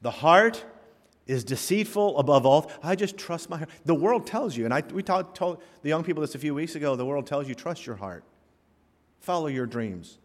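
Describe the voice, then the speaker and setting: A man's voice: fairly high pitch, brisk. A man preaching in a church sanctuary, his voice swinging up and down as he tells stories and drops punchy asides. The long reverb of a big hall trails after every line. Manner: animated storytelling with punchy asides. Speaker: pastor. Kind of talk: sermon.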